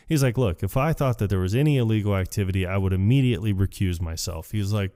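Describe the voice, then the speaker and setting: A man co-hosting a podcast, casually recapping a film scene by scene and acting out the characters' lines in a higher voice. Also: fast talker, few pauses. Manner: animated retelling, jumps high to act out quoted lines, laughs often. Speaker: podcast co-host. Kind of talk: casual movie recap chat.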